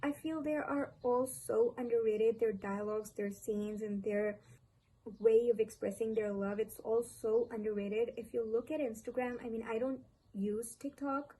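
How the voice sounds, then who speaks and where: A woman's voice: a little high, steady tone, moderate pace, mellow, breathy edge, rough recording. A young woman from Pakistan with a Pakistani English accent, chatting casually and gushingly about books on her vlog, often repeating herself for emphasis. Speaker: book vlogger. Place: home, street vendor calls outside. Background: faint street noise.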